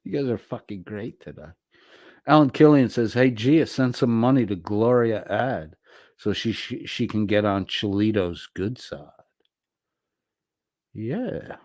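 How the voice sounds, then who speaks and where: A man's voice: on the low side, unhurried, darkish tone, no room sound, studio quality. A man hosting a livestream, reading viewer comments aloud and answering them in a crude, mocking, profane way. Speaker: livestream host.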